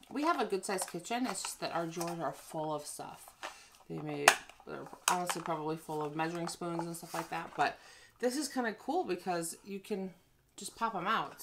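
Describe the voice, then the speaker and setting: Woman vlogger, lowish voice, tired and cranky, rambling haul review, noisy room with crinkling. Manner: cranky, ranting, self-deprecating asides. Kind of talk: casual chat.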